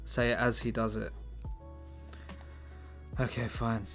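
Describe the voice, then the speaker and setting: A man's voice: medium pitch, little pitch movement, slow, creaky, a bit bright, faint music behind. A man casually brainstorming aloud on a livestream, thinking through options, trying out lines and answering his chat. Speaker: livestream writer.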